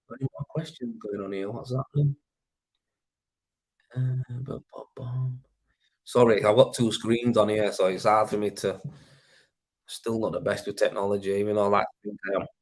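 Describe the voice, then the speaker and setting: A man's voice: on the low side, rough recording. A man with a Yorkshire accent hosting a casual livestream, rambling and chatty as he reads viewer comments. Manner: rambling, chatty, with fillers and swearing. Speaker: livestream host. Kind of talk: casual live chat reading viewer comments. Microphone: plugged-in desk mic.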